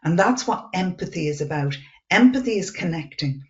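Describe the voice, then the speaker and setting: A woman speaking as a coaching expert on a webinar panel, earnest and animated, often restarting sentences. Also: on the low side, normal speed, lo-fi sound. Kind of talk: conversational webinar talk.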